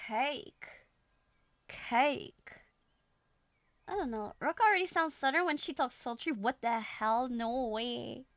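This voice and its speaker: Giggly high-voiced woman streamer. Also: moderate pace, few pauses, a bit bright, no echo. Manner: giggly, playfully mimics accents. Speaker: streamer reacting to a video. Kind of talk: casual reaction chat.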